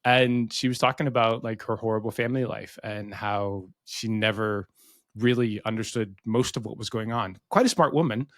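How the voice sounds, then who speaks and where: A man's voice: lowish voice, normal speed, dry recording, studio quality. A middle-aged American man co-hosting a podcast, rambling in casual chat and swearing freely. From United States. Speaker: podcast co-host.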